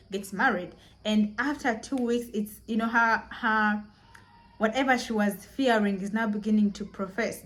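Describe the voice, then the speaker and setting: A young adult woman casually telling a story to her viewers, acting out the quoted lines with rising emphasis. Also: mid-range voice. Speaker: storytelling vlogger.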